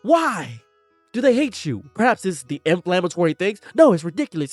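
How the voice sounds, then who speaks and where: A man ranting in a sarcastic, theatrical commentary voice, dropping to hushed mutters and then bursting into shouts. His pitch moves all over the place. The recording is dry and close, with faint music playing underneath. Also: big pitch swings, moderate pace, no echo. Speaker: commentary YouTuber.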